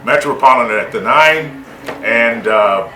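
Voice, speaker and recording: Slow-talking older radio announcer. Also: male voice, mid-range voice, noisy background. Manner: slow and unhurried, with many pauses and fillers. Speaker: veteran radio announcer and voiceover artist. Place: reunion gathering in a restaurant. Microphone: camera across the room. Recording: echoey room with music playing.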